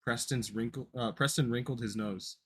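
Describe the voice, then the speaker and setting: A man's voice: medium pitch, fairly even intonation, normal speed, a bit bright, breathy edge. A man casually reading a horror story aloud on a podcast, often tripping over words and correcting himself. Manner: stumbling, self-correcting reading. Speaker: podcast co-host reading a creepypasta.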